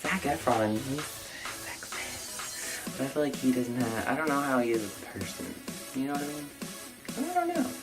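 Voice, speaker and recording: A man's voice: medium pitch, poor audio. A young man chatting through a viewer Q&A for his vlog, open and outspoken, his talk full of "like" and "I don't know". A bit of music plays faintly behind him. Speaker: vlogger answering viewer questions. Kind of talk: casual Q&A vlog.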